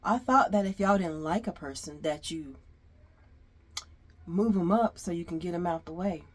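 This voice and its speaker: A woman with a fairly low voice and moderate pace tells a storytime to her viewers as a vlogger. She sounds casual and exasperated, sighing often.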